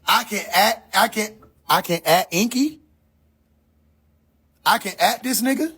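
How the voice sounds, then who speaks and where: High-pitched and bright with a breathy edge, his voice rises and falls with lively intonation at an unhurried pace. On his livestream he mocks and curses constantly in a comedic rant, asking the same questions again and again for effect.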